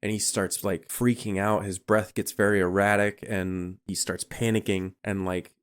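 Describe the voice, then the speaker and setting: A man's voice: on the low side, flat delivery, moderate pace, smooth. A man co-hosting a podcast, recapping a horror film in loose, profane chat full of fillers. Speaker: podcast co-host.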